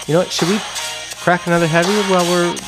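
A man's voice: high-pitched, level tone, fast talker, over loud music. A man co-hosting a casual beer podcast, talking in a laid-back, rambling way. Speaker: podcast co-host. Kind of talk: casual chat.

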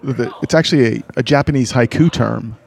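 Man from north carolina, gravelly voice, laid-back, hesitant, dry humor, podcast guest. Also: medium pitch, a little fast, a little mellow. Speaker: guest, photographer. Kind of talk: casual interview chat.

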